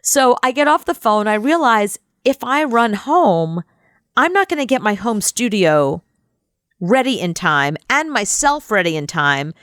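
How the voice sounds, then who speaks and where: A young adult woman co-hosting a radio show, telling a rambling, animated anecdote in casual chat. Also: mid-range voice, measured pace, no room sound, studio quality. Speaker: radio co-host.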